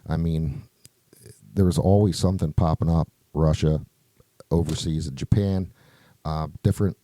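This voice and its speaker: A man's voice: a bass voice, steady tone, measured pace, warm tone, dry recording. A man co-hosting a podcast, rambling loosely in casual chat and swearing often. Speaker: podcast co-host.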